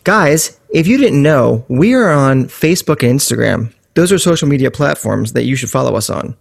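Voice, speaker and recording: A man's voice: medium pitch, lively intonation, normal speed, creaky, slightly rough. A man co-hosting a music podcast, chatting casually with jokey asides and rambling tangents. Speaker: podcast co-host.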